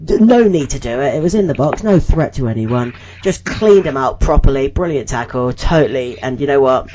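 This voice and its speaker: A man's voice: medium pitch, lively intonation, normal speed, few pauses, a little mellow, highs cut off, a little hiss or hum. A man co-hosting a casual football podcast, talking tactics with an eager, gleeful manner. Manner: enthusiastic, gleeful, analytical. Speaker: podcast co-host.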